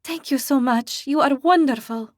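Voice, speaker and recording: A woman voicing a gentle, kind young woman of a fantasy race, imprisoned but hopeful, in an audiobook. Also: sits high, moderate pace, no echo, studio quality, voice pushed up, natural voice. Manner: gentle, gracious.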